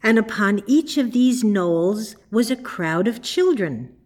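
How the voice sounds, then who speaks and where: A woman reading a children's storybook aloud in a calm narrating voice. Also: medium pitch, takes it slowly.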